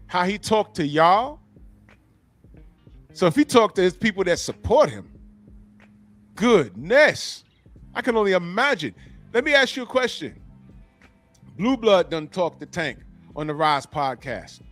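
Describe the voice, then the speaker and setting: Podcast co-host, a man with a high voice, mocking and profane, faint music under him. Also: very animated, unhurried, long pauses, a bit bright. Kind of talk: casual podcast banter.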